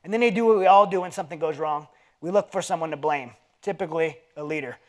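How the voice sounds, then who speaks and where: A man in his forties, a guest speaker at a men's dinner, delivers a conversational sermon at a fast clip. He tells his story with earnest feeling and reads from scripture, and his voice turns low and quiet when he reaches personal points.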